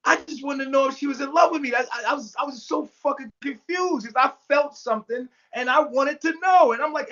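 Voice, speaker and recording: Animated man retelling a wild story. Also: brisk, hardly any pauses, dull audio. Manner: animated, acts out quotes with big pitch jumps, swears freely. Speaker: storyteller guest. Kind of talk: casual storytelling on a podcast. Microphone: remote call mic.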